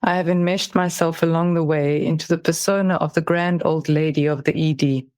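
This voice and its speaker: A podcast host asking gentle, probing interview questions and reading a passage aloud. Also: medium pitch, fairly even intonation, brisk, clear, resonant tone, no echo.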